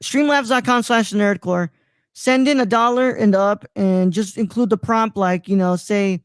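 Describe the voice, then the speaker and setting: A man's voice: sits high, a little slow, clean tone, no echo. A man in his twenties from Mexico hosting a casual live show, rambling and stumbling over names with many fillers. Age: 20s. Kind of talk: casual live-stream chat.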